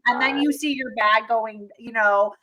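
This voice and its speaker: A middle-aged woman co-hosting a podcast, telling wild travel stories with lively energy and frequent swearing, acting out voices as she goes. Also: a little high, unhurried. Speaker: podcast co-host. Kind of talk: animated storytelling.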